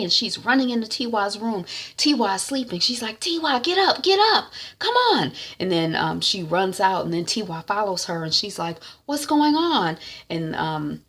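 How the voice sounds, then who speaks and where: A woman's voice: lowish voice, a bit bright. A woman hosting her own channel, chatting animatedly as she recaps a TV episode. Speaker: vlogger recapping a TV series. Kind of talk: casual recap.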